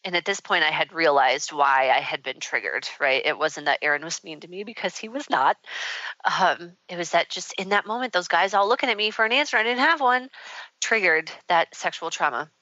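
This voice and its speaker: A woman's voice: on the low side, animated, brisk, sharp tone, dry recording. A woman hosting a radio talk show, telling a personal story in a rambling, candid way with many fillers. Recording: dull, muffled radio audio.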